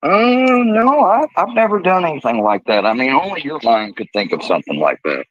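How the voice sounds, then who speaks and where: A man hosting a live stream argues back angrily, swearing hard and challenging the other speaker. His voice is bright and somewhat high, with a lively, swinging pitch. A muffled, lo-fi mic dulls the dry sound. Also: fairly quick, no echo. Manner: angry, profane and confrontational. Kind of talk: heated live stream argument.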